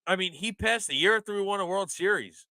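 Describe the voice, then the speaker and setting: A man's voice: high-pitched, fast, sharp tone, no echo. A man co-hosting a sports podcast, talking in a passionate, rambling casual way with lots of "like". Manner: passionate, rambling, heavy use of "like". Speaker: podcast co-host.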